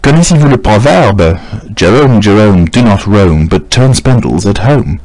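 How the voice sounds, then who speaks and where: A man reading aloud and voicing a sardonic older Russian gentleman who mocks the war talk and slips into French phrases. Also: fairly low pitch, animated, normal speed, dry recording, low-quality recording. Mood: mocking. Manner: mocking, switching to French phrases.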